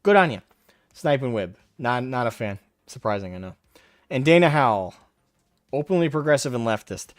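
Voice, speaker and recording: A man's voice: medium pitch, sing-song, normal speed, dry recording, clean studio sound. A man hosting a live stream, talking in a brash, mocking way and taunting people in a raised voice. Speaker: livestream host. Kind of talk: casual livestream commentary.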